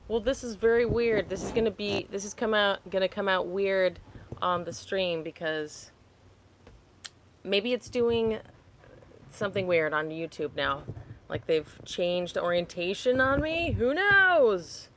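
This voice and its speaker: A woman's voice: mid-range voice, lively intonation, measured pace, a little hiss or hum. A woman hosting a casual live chat on her phone, talking to viewers, laughing often and getting sidetracked. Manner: chatty, laughs often, apologetic and easily sidetracked. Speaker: livestream host. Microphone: phone held upright.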